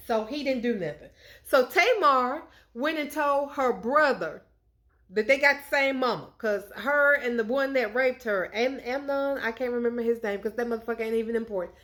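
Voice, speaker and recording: A woman's voice: high voice, fairly bright tone. A woman giving a comedic, sassy and profane rant that retells Bible stories with indignation. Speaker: content creator.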